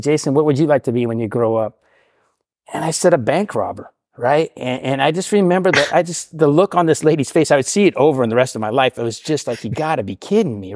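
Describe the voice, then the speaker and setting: A man's voice: medium pitch, a little mellow, no room sound, studio quality. A middle-aged man from the United States in casual storytelling, rambling and self-deprecating, often tagging "right?" onto his sentences. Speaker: podcast guest sharing recovery story. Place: podcast studio.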